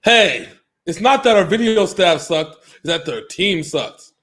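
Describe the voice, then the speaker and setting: A man in his thirties co-hosting a casual sports show, loud, laughing and swearing often. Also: high voice, sing-song, measured pace. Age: 30s. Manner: loud, laughing, profane trash talk. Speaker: co-host. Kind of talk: casual sports podcast banter. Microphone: remote call.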